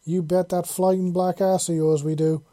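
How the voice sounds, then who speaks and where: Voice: mid-range voice, level tone, normal speed, voice pushed up, natural voice. A narrator doing a cocky ex-soldier man. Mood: playful. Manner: joking, growling softly. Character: cocky male ex-special forces soldier.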